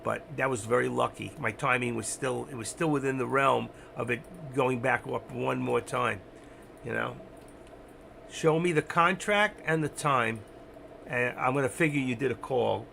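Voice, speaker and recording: A man with a medium-pitched, bright voice and some vocal fry hosts an options trading livestream, speaking at normal speed in a forceful tone. He rambles casually, pokes fun at himself, and addresses his viewers directly. There's a faint hiss or hum in the audio.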